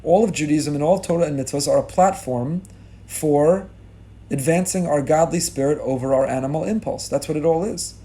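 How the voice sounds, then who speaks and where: A middle-aged rabbi giving a sermon with rising emphasis, mixing in Hebrew and Yiddish religious terms. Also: male voice, on the high side, normal speed, mellow. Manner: impassioned, rising emphasis on key lines.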